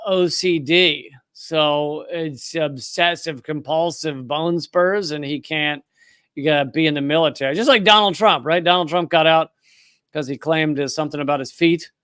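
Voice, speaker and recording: A man's voice: on the high side, fairly bright tone, clear, resonant tone, dry recording, studio quality. A man from Richmond, Virginia with a slight Virginia twang, hosting a casual livestream, loose and conversational with blunt profanity. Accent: Southern American, Virginia. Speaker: show host.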